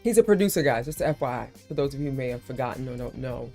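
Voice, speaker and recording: A woman with grandchildren, hosting a casual live stream chat in an animated, emphatic way. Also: rumbling low, soft background music. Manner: animated, emphatic, quick to heat up.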